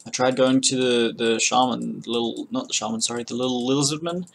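A man's voice: mid-range voice, fairly quick, gravelly, slight background noise. Chatty man narrating gameplay. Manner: chatty, swears freely, bursts into loud excitement over good drops. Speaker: gaming channel host. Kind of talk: casual gameplay commentary.

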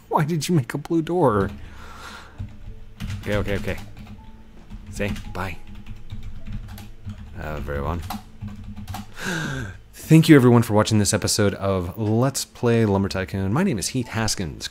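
A man's voice: fairly low pitch, darkish tone. A man giving casual let's play commentary as a gaming YouTuber, goofy and playful, talking to his viewers.

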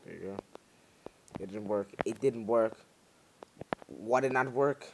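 A man's voice: lowish voice, a little slow, creaky, long pauses, a little hiss or hum. A man giving jumpy, muttering commentary while playing a horror game, bursting into panicked yelps when scared. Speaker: gaming YouTuber.

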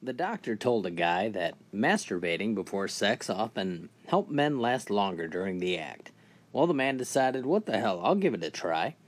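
A man telling a string of crude jokes in a steady, scripted narration voice. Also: on the low side, moderate pace. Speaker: joke teller.

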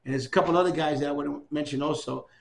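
In a racing, slightly high voice with vocal fry, an older New York City man recounts stories for an oral history interview. He brings quoted people to life by imitating their voices, and there's slight background noise.

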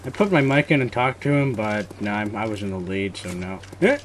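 A young man giving live commentary on his own gameplay, muttering one moment and yelling curses the next. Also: lowish voice, a little fast, a little hiss or hum. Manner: swings from muttering to loud swearing rage. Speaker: gamer recording his match.

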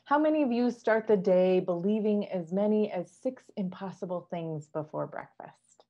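A woman minister giving a sermon in a measured, earnest way. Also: medium pitch, warm tone, dull audio.

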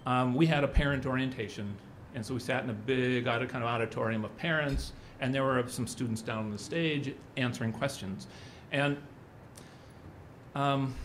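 A man's voice: mid-range voice, a little hiss or hum. A middle-aged man giving a conference talk, telling rambling anecdotes and acting out what others said. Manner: rambling storyteller who acts out quotes. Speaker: conference speaker.

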